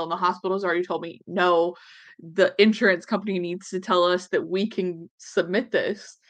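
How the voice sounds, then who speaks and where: A woman co-hosting a podcast in casual chat, telling stories in an animated, blunt way and swearing freely. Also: lowish voice, moderate pace. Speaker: podcast co-host.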